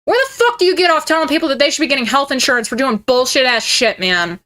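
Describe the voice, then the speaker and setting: A woman in her twenties rants through a profane, mocking reaction commentary. Her voice sits a bit high and sounds bright and sharp. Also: lively intonation, fast talker. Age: 20s. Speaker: streamer.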